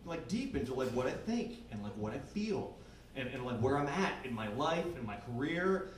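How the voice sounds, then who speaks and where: A man's voice: mid-range voice, very animated, normal speed. A young man doing a stand-up comedy set in a bar basement, rambling and self-deprecating, full of "like" and swearing. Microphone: handheld recorder out in the room. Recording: echoey basement, distant recorder, faint room noise.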